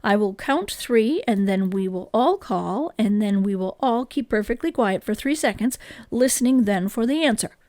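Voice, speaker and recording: A woman's voice: mid-range voice, lively intonation, moderate pace, darkish tone, no room sound, lightly acted. A woman reading aloud and voicing a stern, commanding father who speaks firmly. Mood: measured. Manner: firm, authoritative.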